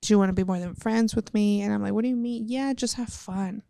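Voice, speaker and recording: A woman from El Paso, Texas, with a smooth, mid-range voice talks at a quick pace in a clean studio recording with no echo. She's a wrestler appearing as a podcast guest, telling stories in a casual interview, candid and animated, swearing freely and acting out quoted dialogue.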